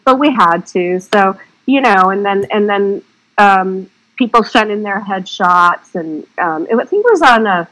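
A woman's voice: medium pitch, expressive, a little slow, fairly bright tone, rough recording. A woman film director in a casual interview, talking in a chatty, rambling way with frank, salty remarks.

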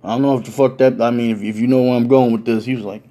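A man's voice: mid-range voice, fairly even intonation, racing, dark tone. A man telling a funny story in casual, profane street slang.

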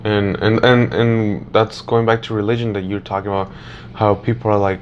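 Agreeable low-voiced man in casual chat. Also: level tone, moderate pace, dull audio, slight background noise. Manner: agreeable, fills with "you know", repeats words.

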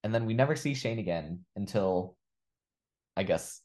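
A man co-hosting a podcast, casually recapping a TV episode in a relaxed storytelling way. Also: on the low side, moderate pace. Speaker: podcast co-host.

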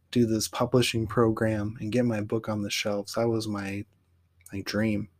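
Male poet-host, lowish voice, loose reflective monologue, blunt and profane. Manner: candid, rambling, swears casually.

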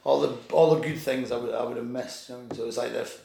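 A man's voice: mid-range voice, steady tone, fast, dark tone. A man telling a rambling anecdote in casual chat, swearing and acting out the people in it. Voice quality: gravelly. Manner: rambling, restarts, swears, acts out voices in anecdotes. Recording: echoey room.

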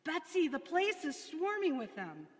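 A woman's voice: high-pitched, huge pitch swings, unhurried, pitched above the performer's own voice, exaggerated voice. A woman voicing a distressed young woman prisoner who exclaims in anguish. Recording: long hall reverb.

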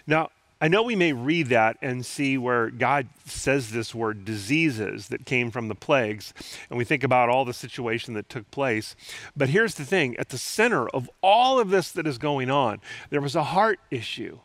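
A man's voice: medium pitch, lively intonation, normal speed, a bit bright, no echo. Guy preaching a sermon, talks like a normal chat, asks lots of questions, dry sound. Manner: earnest, conversational preaching with rhetorical questions. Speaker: pastor.

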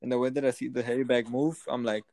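A young man in relaxed casual chat who laughs easily. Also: mid-range voice, fast, no echo.

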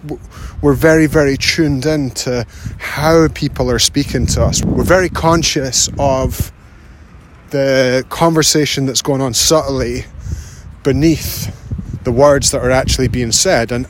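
A man talks through his ideas at an easy, musing pace, restarting phrases as he thinks. There is a faint hiss behind his voice. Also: mid-range voice. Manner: thoughtful, speaks in loose restarts and fillers. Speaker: songwriting podcast host. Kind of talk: casual reflective monologue.

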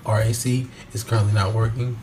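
A man's voice: lowish voice, little pitch movement, brisk, darkish tone, slight background noise. A young man co-hosting a podcast in casual banter, rambling with restarts. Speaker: podcast co-host.

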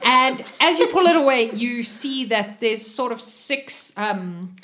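A woman's voice: a little high, lively intonation, takes it slowly, fairly bright tone. A woman narrating a tabletop game as game master, in a loose, chatty way.

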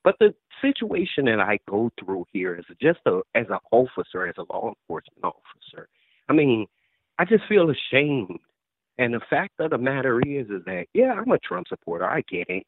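A man's voice: medium pitch, slightly rough, no echo. Emotional man calling in by phone. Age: 40s. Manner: halting, repeats words, voice rising with emotion. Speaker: caller. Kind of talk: emotional phone call to a show. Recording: tinny dry phone line.

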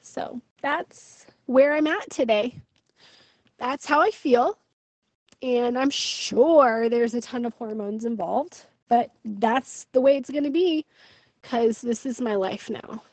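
A woman's voice: a little high, slow pace, darkish tone, dry recording, rough recording. A young woman venting her frustration in a personal video diary, emotional and full of fillers. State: pregnant. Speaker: vlogger.

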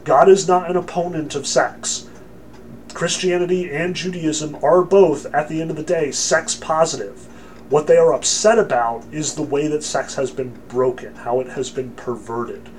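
A man's voice: on the high side, fairly even intonation, normal speed, darkish tone, slight background noise. A man lecturing on scripture in a casual, emphatic, joking way with frequent fillers. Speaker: religion lecturer.

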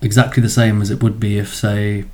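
A man's voice: on the low side, level tone, a little fast, a little mellow. A British man co-hosting a podcast, giving laid-back, opinionated takes and mocking things dryly. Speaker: podcast co-host. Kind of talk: casual chat.

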